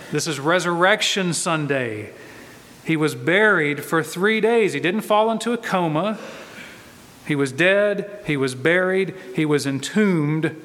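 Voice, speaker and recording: A man preaches in a church with a fairly high voice, pressing each point and repeating his key lines for weight. The sound carries a long reverb from the hall around him. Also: a bit bright. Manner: emphatic, repeats key phrases. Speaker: pastor. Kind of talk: sermon.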